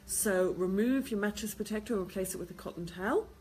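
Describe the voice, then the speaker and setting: A woman's voice: mid-range voice, fast, darkish tone, slight background noise. A woman host answering viewers' questions on baby sleep, giving practical advice and repeating key points. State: tired, yawning.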